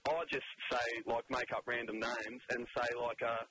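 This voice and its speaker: A man's voice: mid-range voice, level tone, moderate pace, a crowd in the background, low-quality recording. A man calling in to a radio show, laid-back and plain. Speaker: caller. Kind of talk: telling a story on a call-in.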